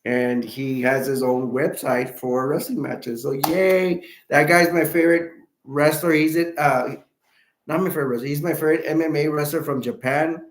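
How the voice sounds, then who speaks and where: A man hosting a live stream, chatting in a halting, rambling way with many restarts and self-corrections, with hiccups. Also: fairly high pitch, steady tone, reverberant.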